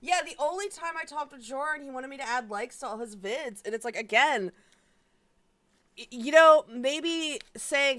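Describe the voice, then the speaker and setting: A woman's voice: sits high, expressive, moderate pace, pushed and bright. Woman streamer, casual live chat; rambly, filler-laden, swears freely, trips over her own restarts.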